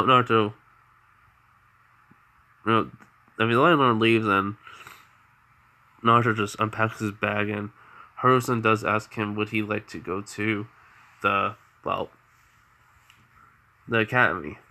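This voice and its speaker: Bright-voiced man rambling through a fan story. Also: on the low side, fairly even intonation, slow pace, long pauses. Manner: rambling, full of fillers. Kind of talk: casual fan-story narration.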